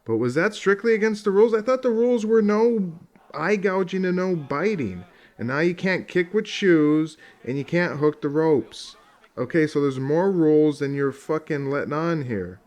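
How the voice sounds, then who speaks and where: A man's voice: a little high, lively intonation, moderate pace, darkish tone. A man casually commentating on old fight footage, rambling, swearing often and laughing along.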